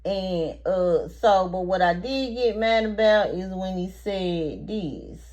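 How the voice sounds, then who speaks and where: A woman's voice: mid-range voice, lively intonation, takes it slowly, darkish tone, highs cut off. A woman vlogger telling a story straight to her viewers in casual, profane talk. She laughs often and acts out quoted lines with rising, emphatic repeats.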